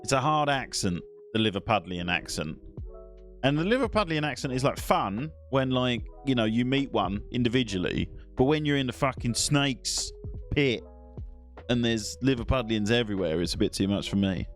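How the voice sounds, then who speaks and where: A man's voice: medium pitch, animated, normal speed, soft background music. A man streaming live, chatting casually to his viewers, rambling and swearing as he reacts. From England. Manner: swears, rambling, talks to chat.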